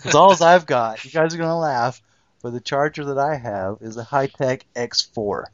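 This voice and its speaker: A man hosting a casual hobby podcast chat in a relaxed, joking way. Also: medium pitch, normal speed, no room sound, lo-fi sound. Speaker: podcast host.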